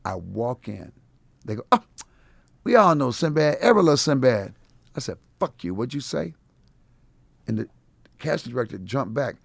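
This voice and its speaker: A man's voice: mid-range voice, very animated, normal speed, vocal fry, long pauses, no room sound. A middle-aged man, a comedian guest, telling stories in a casual interview and acting out every quote with laughter.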